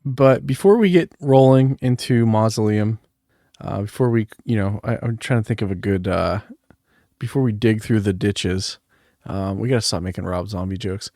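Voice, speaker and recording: A man's voice: fairly low pitch, moderate pace, warm tone, no room sound, clean studio sound. A man hosting a horror movie podcast in loose, rambling casual chat. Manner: laid-back, rambling, lots of fillers. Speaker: podcast host.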